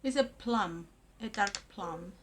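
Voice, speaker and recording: A woman from Argentina, talking through a makeup tutorial in a hesitant way with many pauses and fillers. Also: medium pitch, a bit bright, slight background noise. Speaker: makeup vlogger.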